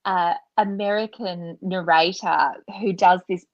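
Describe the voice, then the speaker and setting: A woman's voice: lowish voice, fairly even intonation, unhurried, dry recording. Chatty Australian woman author, muffled audio. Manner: chatty, reflective. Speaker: author, guest. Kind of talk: interview answers.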